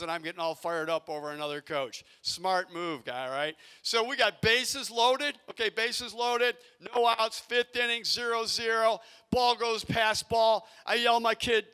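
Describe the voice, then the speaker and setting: Youth coach guy telling stories to a crowd, animated, acts out the yelling, bright voice. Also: high voice, clear, resonant tone. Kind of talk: storytelling talk to a community audience. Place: arena event space.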